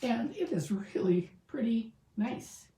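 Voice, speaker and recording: A woman's voice: on the high side, lively intonation, slow, background noise. A woman demonstrating card-making at her craft table, chatting and thinking aloud with fillers as she works. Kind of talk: casual crafting tutorial. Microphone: camera mic set above the work table. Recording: roomy sound with the mic some distance away.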